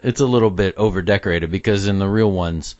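A man co-hosting a casual podcast chat about a film, opinionated and animated, laughing often. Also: low voice, fast, no room sound. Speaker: podcast co-host. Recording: dull dry lo-fi sound.

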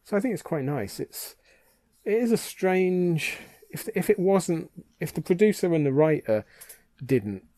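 A man's voice: high-pitched, lively intonation, unhurried, dark tone, no echo. Chatty British man, dry close sound. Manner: chatty, enthusiastic, trails off and restarts often. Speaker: podcast co-host. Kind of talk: casual chat.

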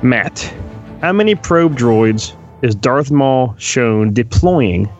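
A man's voice: mid-range voice, animated, takes it slowly, muffled recording, soft background music. A man co-hosting a podcast in a laid-back, joking way, talking loosely. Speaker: podcast co-host. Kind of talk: casual chat.

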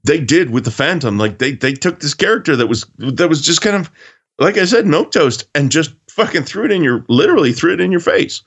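A man co-hosting a podcast, telling stories in casual, profane, animated chat. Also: a little high, brisk, husky, lo-fi sound. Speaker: podcast co-host.

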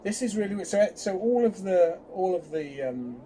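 Chatty man, mellow voice. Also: high-pitched, normal speed, a little hiss or hum. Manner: chatty, hesitant restarts, animated bursts. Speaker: podcast co-host. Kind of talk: casual fan chat.

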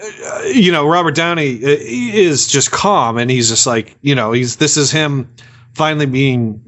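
A man's voice: a little high, animated, measured pace, a bit bright, lo-fi sound. A man co-hosting a casual movie review podcast, rambling and earnest, often stammering and repeating words. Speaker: podcast co-host.

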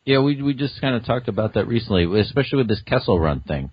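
A man guesting on a casual podcast, enthusiastic and rambling, quick to laugh. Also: mid-range voice, sing-song, slightly rough, no echo, muffled recording.

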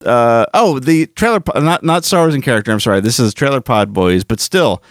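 A man chatting as a podcast host, his pitch swinging up and down as he rambles and corrects himself mid-sentence. The sound is dry and close, with no room around it. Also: expressive, brisk, no room sound. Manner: rambling, self-correcting, laughs easily. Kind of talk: casual chat.

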